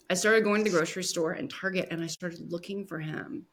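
A woman guest on a podcast, telling a personal story in a soft, emotional way with many pauses and restarts. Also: fairly low pitch.

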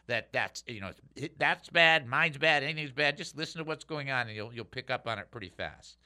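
A man hosting a Bible teaching show, speaking to listeners in an energetic, chatty way. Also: a little high. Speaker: radio Bible teacher and host.

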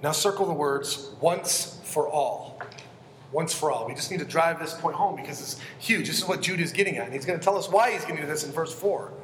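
A man's voice: on the high side, fast, hardly any pauses, a bit bright, slight background noise. A man preaching an expository sermon as a pastor, earnest and emphatic, often asking his listeners questions. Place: church sanctuary. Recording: echoey hall with long reverb.

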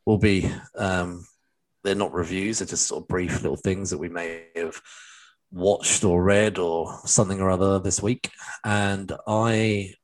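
A man's voice: sits low, fairly even intonation, unhurried. A man co-hosting a podcast, chatting casually and rambling with plenty of fillers and restarts. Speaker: podcast co-host.

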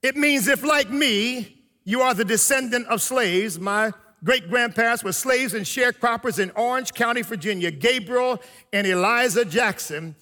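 A man delivers a sermon in a very high, bright voice. He leans on emphatic pauses and stretches his phrases out slowly. His voice rings with long reverb, as in a large hall. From United States. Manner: preaching with emphatic pauses and slow drawn-out phrases. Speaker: preacher.

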